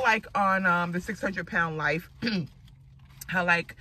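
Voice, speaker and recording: A woman's voice: fairly low pitch, takes it slowly, sharp tone, low-quality recording. A woman in her forties vlogging in a casual, rambling way and laughing often. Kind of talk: casual chat.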